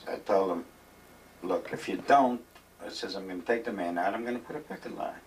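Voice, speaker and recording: An older man reminisces during an interview at his retirement village home, rambling emphatically and acting out conversations from his stories. His deep voice runs a little fast. The poor audio was recorded from a distance and has slight background noise.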